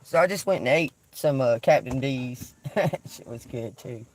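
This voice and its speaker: A man's voice: mid-range voice, measured pace. A man giving a casual live-stream tarot reading outdoors, laid-back and rambling, often muttering under his breath. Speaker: tarot reader. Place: outdoors on a hot day.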